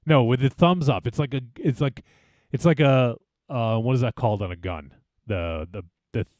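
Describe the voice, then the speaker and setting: A man's voice: mid-range voice, moderate pace, dry recording, studio quality. A man hosting a podcast, bantering casually with plenty of swearing and laughter. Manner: animated, swearing, laughs often. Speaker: podcast host.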